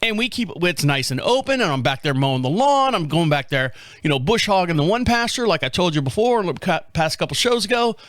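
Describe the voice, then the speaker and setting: A man's voice: sits high, very animated, brisk, hardly any pauses, fairly bright tone, dry recording, clean studio sound. Chatty, cussing man in his fifties. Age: 50s. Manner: chatty, profane, often laughing at his own stories. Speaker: podcast host. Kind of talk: casual rambling storytelling monologue.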